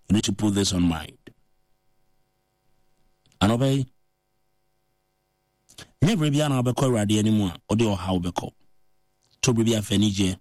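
A man with a Ghanaian accent preaching in a conversational way, mixing languages and rising to high, emphatic pitch. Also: expressive, moderate pace, pauses often, darkish tone, dry recording, studio quality.

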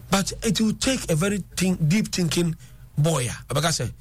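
In a casual discussion, a middle-aged Ghanaian man tells animated stories, moving back and forth between English and Twi. His voice is fairly high-pitched and husky.

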